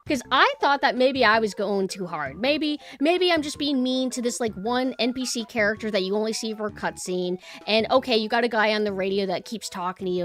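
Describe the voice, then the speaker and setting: A woman's voice: high-pitched, fairly bright tone. A young woman streamer chatting casually with her viewers and ranting bluntly, swearing freely.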